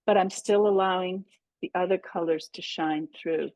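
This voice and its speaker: A woman's voice: fairly low pitch, fairly even intonation, moderate pace, darkish tone, no room sound, lo-fi sound. A middle-aged woman teaching a painting workshop over a video call, chatting and thinking aloud as she works. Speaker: pastel art instructor. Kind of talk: live online painting demonstration.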